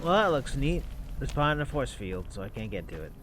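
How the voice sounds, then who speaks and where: A man streaming a game talks through it in loose, offhand commentary. His voice sits at an ordinary middle pitch, often dropping to a wry mutter as he reacts to what happens on screen. A faint background noise runs under his voice. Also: very animated, fairly quick. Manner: muttering wry asides to himself. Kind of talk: casual gameplay commentary.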